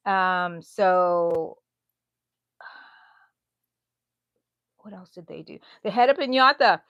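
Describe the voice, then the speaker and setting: A woman's voice: on the low side, lively intonation, takes it slowly, a bit bright, no echo, dull audio. A woman, chatting in a rambling way to viewers of her crochet livestream from a bedroom at home. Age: 60s. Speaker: crochet channel host. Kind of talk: casual livestream chat.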